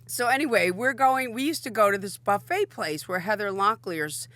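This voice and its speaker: A woman's voice: mid-range voice, moderate pace, fairly bright tone, dry recording. A woman hosting a podcast, chatting casually, laughing often and swearing freely. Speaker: podcast host. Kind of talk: casual chat.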